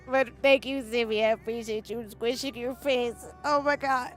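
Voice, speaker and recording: A woman's voice: high voice, moderate pace, pushed and bright, soft background music. A woman streaming a game who is crying. She gushes and sounds overwhelmed, swinging between wailing and mumbling into her desk microphone. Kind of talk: live gameplay reaction.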